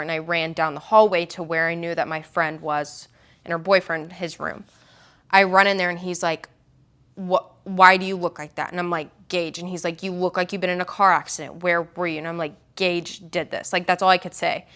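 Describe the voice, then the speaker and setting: A woman's voice: fairly low pitch, a bit bright, clean tone. A young woman from Oklahoma telling her story in an interview, rambling and full of "like" and quoted dialogue.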